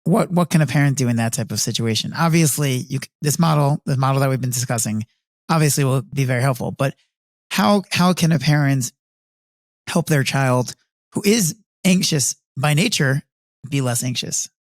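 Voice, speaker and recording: A man hosting a casual podcast interview, agreeable and quick to back the guest up, asking questions with small restarts. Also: mid-range voice, no echo, clean studio sound. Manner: agreeable, frequent "right, right" backchannels, halting questions. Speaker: podcast host.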